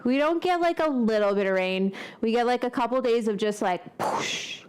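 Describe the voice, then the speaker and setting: A woman's voice: a little high, brisk, darkish tone, a little hiss or hum. A woman hosting a casual cooking vlog, rambling and thinking aloud as she chats. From United States. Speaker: cooking show host.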